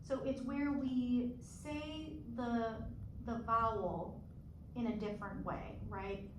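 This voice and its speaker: A woman teaching a one-on-one phonics lesson, patient, slow and clear, stretching out sounds. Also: a little high, steady tone. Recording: echoey room, distant mic, background noise.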